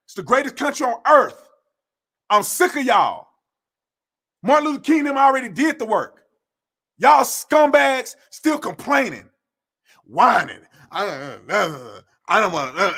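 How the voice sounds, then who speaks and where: A man's voice: very high-pitched, a bit bright. A man giving a heated, combative political rant to camera, blunt and slangy, repeating phrases for emphasis. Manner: slangy, informal speech. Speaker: political commentator.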